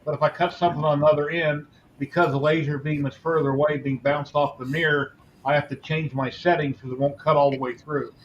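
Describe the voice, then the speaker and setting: A man's voice: on the high side, little pitch movement, a little fast, muffled recording, a little hiss or hum. A man hosting a casual podcast chat, explaining technical gear in a matter-of-fact way. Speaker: podcast host.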